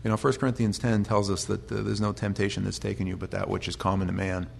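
A man's voice: on the low side, little pitch movement, quick pace, vocal fry, a little hiss or hum. American man preaching, conversational sermon. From United States. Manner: conversational, builds to loud impassioned retelling; chatty with fillers and restarts. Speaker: pastor.

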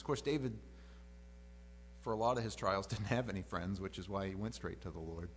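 A middle-aged pastor teaching from the Bible in a folksy, joking way, acting out quotes in silly voices. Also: male voice, lowish voice, animated, brisk, slight background noise.

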